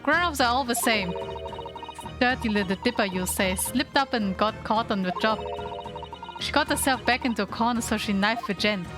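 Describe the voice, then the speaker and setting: A woman's voice: fairly high pitch, normal speed, natural voice. A woman voicing a cocky young female pickpocket who talks back in streetwise slang over game music. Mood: defiant.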